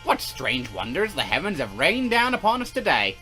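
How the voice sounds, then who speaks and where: A showy alien wanderer , put on by a player, declaims in grand, old-fashioned phrases, slipping between accents. The voice swings wildly up and down and has a bright edge. Faint game music plays behind. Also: medium pitch, big pitch swings, moderate pace. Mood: grandiose. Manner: theatrical, archaic phrasing, shifting accents. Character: flamboyant alien male adventurer, hopping accents.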